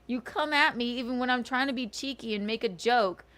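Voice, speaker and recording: A woman's voice: fairly high pitch, fairly quick, fairly bright tone. A woman hosting a livestream, ranting sarcastically with swearing and giggles. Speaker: livestream host. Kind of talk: casual livestream rant.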